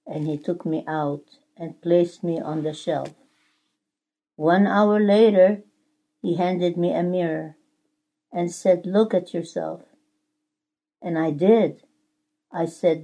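A frightened clay teacup pleads and cries out as it is rolled, spun and fired, read aloud by a woman preacher. The voice sits low and dark, and it moves in an unhurried way. Each cry is drawn out rather than rushed. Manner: pleading, crying out.

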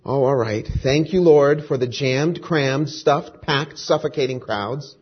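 A man's voice: mid-range voice, unhurried, breathy edge, highs cut off. A man voicing an anxious young woman prisoner who pleads and protests. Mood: reluctant.

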